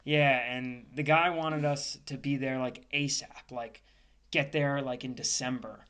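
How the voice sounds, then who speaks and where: A young American man co-hosting a podcast. He talks in a relaxed, laid-back way and leans on fillers. His voice sits at an ordinary middle pitch. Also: a little slow, a crowd in the background. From United States. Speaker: podcast co-host. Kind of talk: casual chat.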